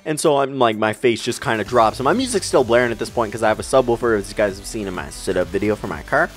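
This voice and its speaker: A teenage man from America telling funny driving stories over gameplay, swearing freely and jumping into squeaky voices for the people he quotes. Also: quick pace. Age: teens. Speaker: gaming channel host. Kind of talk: storytelling commentary over gameplay.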